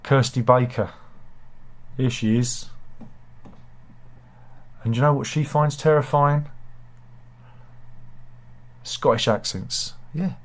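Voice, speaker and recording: A British man talks through the news in a loose, rambling way, breaking off into self-deprecating asides. His voice sits at an ordinary middle pitch for a man. He sounds like a casual chat host. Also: slow, long pauses.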